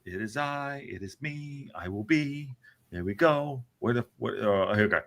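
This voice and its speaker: A man hosting a podcast, calling match highlights in an excitable, joking play-by-play with some swearing. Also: moderate pace. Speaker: podcast host. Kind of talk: casual match commentary.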